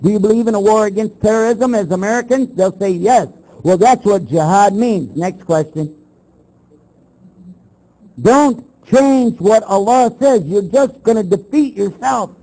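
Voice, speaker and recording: An older man lectures as a Muslim preacher, his voice pitched high for a man. The tone is warm and mellow rather than bright. He talks bluntly, fires rhetorical questions and slips into other voices to act out his stories. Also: unhurried, rough recording. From Texas. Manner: animated storytelling, acts out both sides of the exchanges. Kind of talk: lecture to an audience.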